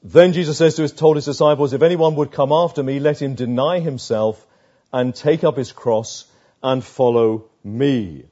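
A man preaching a sermon, slow and emphatic, with dramatic pauses between phrases. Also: medium pitch, mellow, lo-fi sound.

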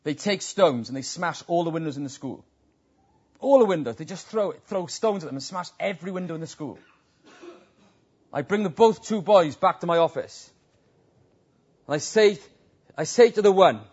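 A man preaching a sermon, telling stories that swell into loud, emphatic peaks. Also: on the high side, lively intonation, normal speed, long pauses, slightly rough. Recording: dull lo-fi recording.

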